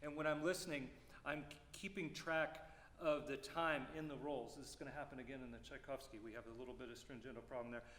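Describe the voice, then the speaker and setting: A man teaching a music clinic, explaining phrasing and singing rhythms aloud with lively syllables. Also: mid-range voice, fast talker, few pauses. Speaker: percussion clinician. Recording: roomy hall reverb, faint noise.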